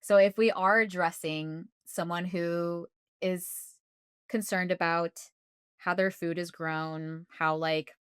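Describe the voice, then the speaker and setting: A woman's voice: lowish voice, steady tone, slow pace, smooth, no room sound, clean studio sound. A woman co-hosting a podcast in casual chat, rambling with lots of fillers and frequent laughter. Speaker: podcast co-host.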